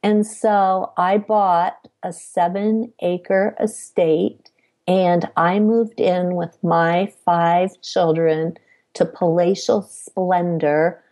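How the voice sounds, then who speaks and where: Slow-spoken middle-aged woman telling her story. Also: on the low side, steady tone, dark tone. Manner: measured, acts out quoted dialogue. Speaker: podcast guest. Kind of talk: personal storytelling.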